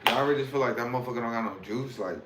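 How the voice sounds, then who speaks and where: A man's voice: medium pitch, very fast, heavy background noise. A man livestreaming who chats casually and profanely, rambling and breaking into freestyle rapping. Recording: roomy sound with loud music.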